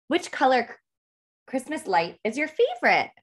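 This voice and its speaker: A woman reading a picture book aloud to toddlers, animated and sing-song, gasping with excitement and asking the children questions. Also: a little high, normal speed. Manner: asks the children questions throughout. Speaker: toddler book club reader.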